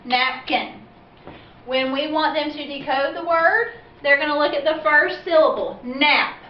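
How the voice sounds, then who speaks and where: A woman teacher patiently explaining reading steps for parents in clear, step-by-step speech. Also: sits high, measured pace. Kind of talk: instructional video for parents. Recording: roomy, distant, dull-sounding classroom recording.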